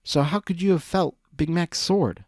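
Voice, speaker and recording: A man voicing an earnest, jittery young male dragon in a storybook reading, high and anxious. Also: normal speed, a little mellow, no echo, studio quality, close to an everyday voice.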